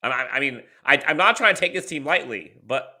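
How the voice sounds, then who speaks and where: A man's voice: mid-range voice, animated, fairly quick, bright, forceful tone. A man co-hosting a sports podcast, rattling off team stats in casual chat with dry laughs. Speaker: podcast co-host.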